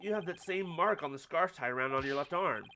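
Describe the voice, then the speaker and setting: A man's voice: a little high, a little fast, bright, forceful tone, slight background noise. A man reading the lines of an earnest young male defense lawyer in a video game, pressing with questions. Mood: accusing.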